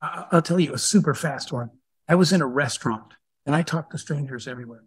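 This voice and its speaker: A man telling stories to an audience, slipping into the voices of the people in them. His voice sits a little high for a man, and the sound is dry and close. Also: fast, breathy edge, dry recording. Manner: animated storyteller who acts out dialogue. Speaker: guest speaker and entrepreneur. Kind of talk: storytelling in a live Q&A talk.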